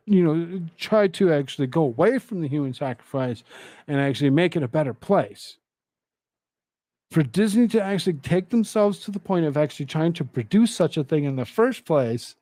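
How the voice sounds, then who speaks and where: A man's voice: fairly high pitch, sing-song, moderate pace, a little mellow, dry recording. A man hosting a casual commentary show, sarcastic and exasperated as he rambles about news and viral clips.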